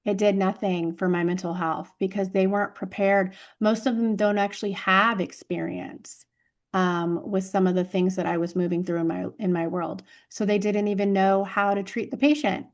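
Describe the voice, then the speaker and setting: A woman's voice: mid-range voice, steady tone, moderate pace, darkish tone, lo-fi sound. Affirming woman podcast host. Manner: affirming, emphatic, frank. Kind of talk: conversational interview hosting.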